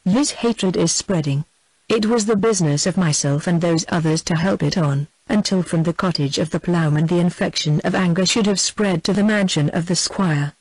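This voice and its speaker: A reader voicing a calm, dignified gentleman conspirator who speaks slowly and quietly in a storybook. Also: mid-range voice, no room sound, lightly acted, poor audio. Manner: calm, almost apathetic delivery. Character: calm, dignified male plotter, quietly blunt.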